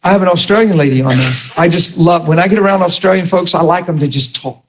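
A middle-aged pastor preaches in a chatty, animated way, mixing humorous stories with rhetorical questions to his listeners. His voice sits high for a man. The recording sounds dull and lo-fi. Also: fast talker.

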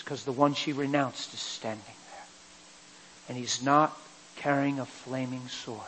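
A man preaching a sermon, telling an emotional personal story and building to loud, fervent passages. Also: mid-range voice, steady tone, measured pace, slight background noise, rough recording.

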